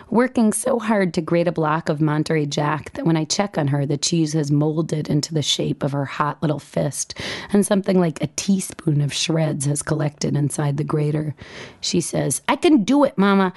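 A woman with a low, mellow voice reads her own blog entry, a first-person essay. Her storytelling is wry and dryly humorous, and she acts out dialogue with lively pitch jumps.

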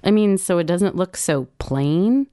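Lady reading as a picky little girl, blunt and earnest, a bit higher than her low smooth voice, dry close sound. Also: lively intonation, a little slow, mellow, no room sound. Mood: earnest critique. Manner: blunt, earnest and matter-of-fact.

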